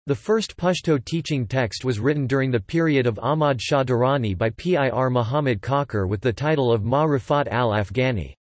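A man's text-to-speech voice reading an encyclopedia article in an even, mechanical way. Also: medium pitch, no room sound. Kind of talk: synthetic encyclopedia narration.

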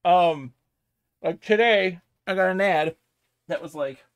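A man's voice: sits high, slow pace, long pauses, clean tone, no room sound, studio quality. Giggly man chatting on a game stream. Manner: giggly, rambling, animated storytelling. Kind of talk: casual live-stream chat.

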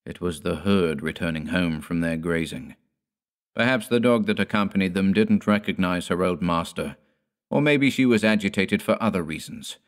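A man reads a gothic horror tale aloud with measured, deliberate delivery. His voice sits very low. He tells it as a classic audiobook storyteller. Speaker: audiobook narrator.

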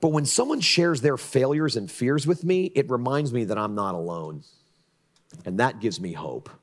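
A middle-aged man preaching a sermon as pastor in a church, swinging from pleading outbursts to hushed, reflective lows. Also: expressive, moderate pace. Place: church sanctuary.

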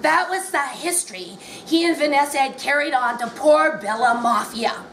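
A woman reads her memoir aloud at a bookshop event, telling it in a wry, amused way. Her voice sits high. The room around her is echoey, with faint background noise. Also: lively intonation, moderate pace, a bit bright. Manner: wry, amused, often laughing between lines. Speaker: author reading her book. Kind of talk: memoir reading at a live event.

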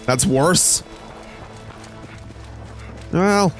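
A man's voice: fairly high pitch, extremely slow, faint music behind. A man streaming a game, rambling and joking with chat in casual gameplay commentary.

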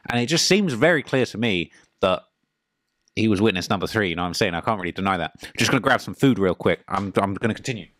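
A man giving a casual reaction commentary while eating dinner, excitable and rambling, often stammering and restarting. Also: fairly low pitch, fast talker, dry recording. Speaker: reaction video host.

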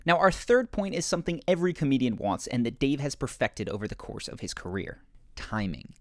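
A man hosting and narrating an explanatory video in scripted narration, with an animated, explanatory manner. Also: medium pitch, fairly quick, no room sound, studio quality. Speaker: host.

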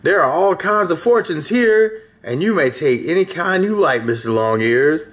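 A man's voice: on the high side, animated, normal speed, a bit bright. A man voicing a sly, hungry big black bear who lures his prey with coaxing talk. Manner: coaxing and sly, then harsh.

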